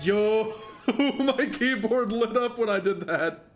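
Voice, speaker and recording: A high-voiced man streams a game, giving excitable and joking commentary full of laughs. Faint game music plays behind him. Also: takes it slowly. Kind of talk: casual gameplay commentary.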